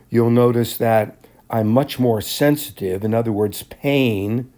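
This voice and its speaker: A man with a somewhat low, warm and mellow voice delivers a classroom lecture. He explains each point step by step in a measured way, pausing now and then to clear his throat. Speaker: teacher.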